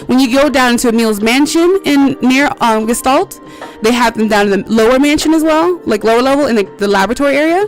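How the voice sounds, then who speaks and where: A woman's voice: high voice, a little fast, faint music behind. A woman streamer chatting casually while playing a game, rambling through stories with lots of filler words, swearing freely and laughing often.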